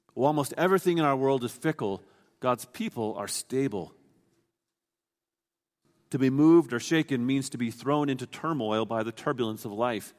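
A man's voice: mid-range voice, normal speed, long reverb tail. A man preaching a sermon, explaining a scripture passage in an earnest, teaching way, often restarting his sentences.

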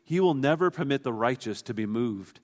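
A man's voice: medium pitch, expressive, normal speed, a little mellow, long reverb tail. A man preaching a sermon, explaining a scripture passage in an earnest, teaching way, often restarting his sentences.

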